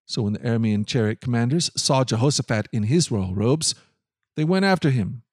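A man narrating a scripted Bible reading with steady, clear storytelling. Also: mid-range voice, fairly quick, no room sound, clean studio sound.

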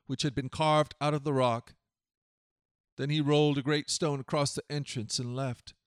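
A man reading scripture aloud and then preaching, in a solemn, measured way with dramatic swells. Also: mid-range voice, no room sound, studio quality.

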